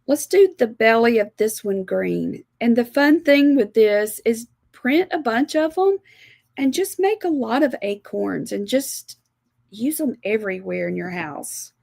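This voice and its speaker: Slow-talking Southern woman teaching painting. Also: on the high side, expressive, creaky, darkish tone, no echo, clean studio sound. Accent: Southern American. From South Alabama, USA. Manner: chatty, homey, explains step by step. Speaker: art instructor. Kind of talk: live watercolor demonstration.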